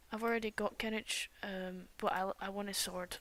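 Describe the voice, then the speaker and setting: A young woman giving casual commentary while playing a game, excitable, with loud outbursts and whispered asides. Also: a little high, normal speed. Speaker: gaming streamer.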